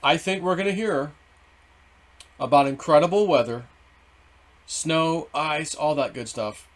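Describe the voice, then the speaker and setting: Rambling, excitable man telling a story. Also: a little high, measured pace. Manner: rambling, excitable, swears and self-censors. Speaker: vlogger. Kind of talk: casual storytelling.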